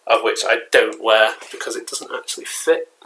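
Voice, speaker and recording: His voice is fairly low with little pitch movement, pushed and bright, at normal speed. In a rough recording with slight background noise, the English-accented man chats casually at home as a collectibles vlogger, rambling and often using fillers and restarts.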